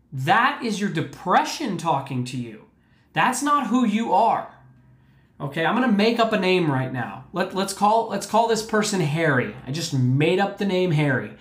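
A man's voice: high voice, very animated, normal speed, fairly bright tone. Emphatic man in a roomy echo. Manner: emphatic, repetitive, checks in with "okay?". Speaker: mental health podcast host. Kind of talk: earnest motivational talk. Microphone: podcast mic.

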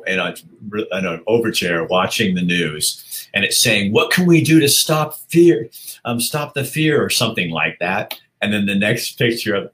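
A man's voice: sits low, bright, forceful tone. A man casually hosting a livestream, reading viewer comments aloud, chatting and laughing often. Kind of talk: casual live-stream chat.

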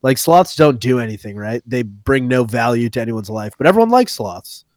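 A man's voice: mid-range voice, very animated, moderate pace, a crowd in the background. A man in his thirties co-hosting a podcast, chatting casually and jokingly with many fillers. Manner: laid-back, joking, lots of fillers. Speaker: podcast co-host. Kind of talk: casual chat.

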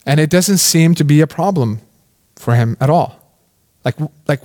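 A man's voice: fairly high pitch, moderate pace, pauses often, darkish tone. A man preaching a sermon in a casual, conversational way, asking many questions and often saying "like". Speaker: pastor.

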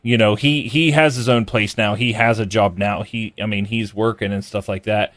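A man's voice: fairly low pitch, steady tone, normal speed, a bit bright, dry recording, clean studio sound. A man hosting a casual podcast, talking loosely with lots of fillers and restarts. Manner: rambling, many fillers and restarts. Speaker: podcast host. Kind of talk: casual chat.

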